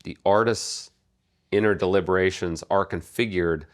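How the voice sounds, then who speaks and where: A man co-hosting a podcast, speaking in a measured, halting way about poetry and pausing often to find his words. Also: low voice. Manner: measured, halting, with many pauses and fillers. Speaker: podcast co-host. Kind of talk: casual literary discussion.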